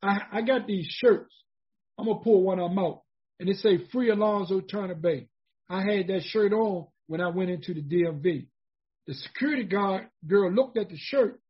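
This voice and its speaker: Husky high-voiced man telling his story. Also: normal speed. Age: 40s. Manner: emphatic, repetitive, conversational. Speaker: formerly incarcerated speaker. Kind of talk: personal storytelling talk. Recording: dull lo-fi recording.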